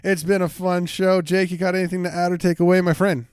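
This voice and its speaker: A man's voice: high-pitched, level tone, quick pace, a little mellow, clean tone, dry recording, clean studio sound. A young man co-hosting a casual sports podcast, jokey and hyped, repeating phrases for effect. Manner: jokey, hype-driven, repeats himself. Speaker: podcast co-host.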